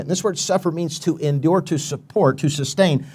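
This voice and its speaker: A man's voice: a little high, brisk, hardly any pauses, mellow, slightly rough. A man preaching a sermon in a conversational way, with frequent restarts and quoted Bible verses.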